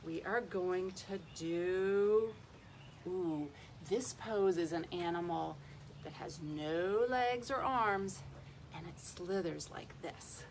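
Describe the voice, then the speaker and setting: Slow, playful woman teaching kids' yoga. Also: medium pitch, a little hiss or hum. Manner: slow, playful, sing-song, speaking to young children. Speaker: early childhood educator leading kids' yoga. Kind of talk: children's yoga lesson.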